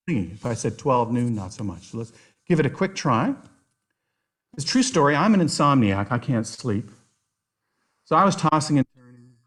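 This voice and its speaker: Animated man leading a nature workshop. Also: on the high side. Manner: enthusiastic, animated storytelling. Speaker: outdoor educator, workshop presenter. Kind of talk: online workshop presentation.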